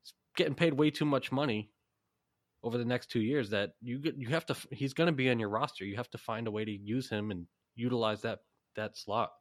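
A man co-hosting a sports podcast, giving quick opinions in casual chat with frequent restarts. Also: medium pitch. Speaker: podcast co-host.

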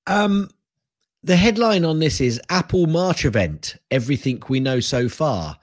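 An older man chatting on a tech podcast in a husky voice that rises and falls a lot. He sounds wry and likes a rant, laughing as he goes. His mic sounds close and dry. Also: on the high side, expressive, unhurried, dry recording. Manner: wry, ranting, laughs often. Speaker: podcast co-host. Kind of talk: casual tech podcast chat.

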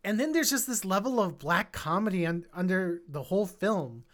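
Animated woman hosting a film podcast. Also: mid-range voice, moderate pace. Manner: animated, repeats words when excited. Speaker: podcast host. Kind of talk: casual film discussion.

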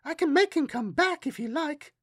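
A man voicing an eerie little girl who speaks softly, slowly and knowingly, for an audiobook. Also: expressive, no echo, studio quality. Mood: matter-of-fact. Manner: high, soft, childlike, slow and knowing. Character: eerie little girl, young, small, uncanny calm. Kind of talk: audiobook character voice.

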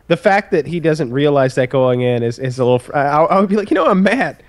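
A man's voice: on the high side, lively intonation, a little fast, no echo. A man in casual conversation who chimes in with brief, amused reactions.

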